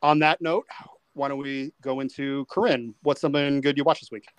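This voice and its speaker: A man hosting a casual movie podcast, with a voice of middling pitch. He rambles and restarts his words as he thinks. The sound is dry and close, with no room echo. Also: steady tone, brisk, clean tone. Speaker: podcast host.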